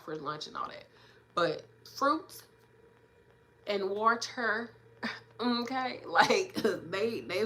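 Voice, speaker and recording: A woman nurse in her thirties chatting casually on a livestream, animated and preachy, addressing viewers directly. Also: mid-range voice. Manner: animated, preachy, talks straight to viewers with "y'all" and "child".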